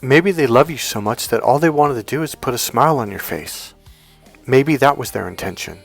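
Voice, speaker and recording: A middle-aged man coaching on dating, telling a personal story. His pitch sits in an ordinary middle range, and he animates the tale by acting out what people said. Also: moderate pace, creaky, faint music behind. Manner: animated storyteller, acts out quotes. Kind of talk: storytelling vlog.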